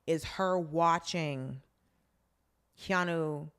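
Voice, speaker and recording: A woman's voice: low voice, drawn-out words, fairly bright tone, clear, resonant tone. A woman co-hosting a podcast, chatting casually and bluntly, joking and acting out quotes. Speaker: podcast co-host. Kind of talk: casual chat.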